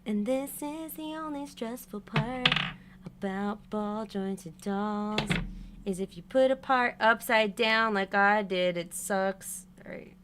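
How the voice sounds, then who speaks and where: Speaking slowly in a mid-range voice, a young woman livestreams herself restringing a doll. The background is noisy, and her relaxed narration of each step is broken up by exasperated outbursts.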